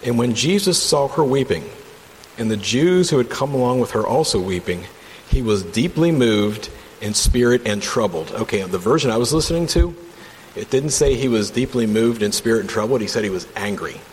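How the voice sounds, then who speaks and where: A man's voice: mid-range voice, lively intonation, normal speed. A man leading a casual Bible study from home, reading passages and commenting with enthusiasm in a conversational way. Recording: long reverb, faint background hum.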